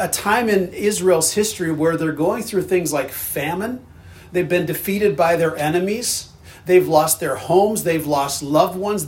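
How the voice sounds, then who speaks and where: A man preaching a sermon as pastor, talking in an earnest, conversational way with frequent restarts. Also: high-pitched.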